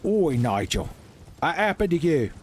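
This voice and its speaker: A man doing a deliberately bad, exaggerated British accent as a rowdy young bloke. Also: on the high side, big pitch swings, slight background noise. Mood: mocking. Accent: put-on cockney British.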